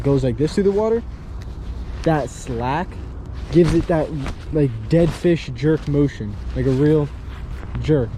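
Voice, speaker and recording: A man's voice: on the high side, warm tone, a little hiss or hum. A young man in his twenties vlogging casually, slangy and rambling, laughing often. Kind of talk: casual vlog chat.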